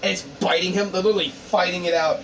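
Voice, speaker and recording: A man narrating a story pitch in a rambling, profane, casual way with lots of fillers. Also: steady tone, quick pace. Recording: distant mic, background noise.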